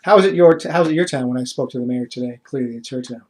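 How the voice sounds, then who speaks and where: A man's voice: medium pitch, very fast, darkish tone. A man playing his character in a tabletop game, joking and laughing easily. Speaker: player.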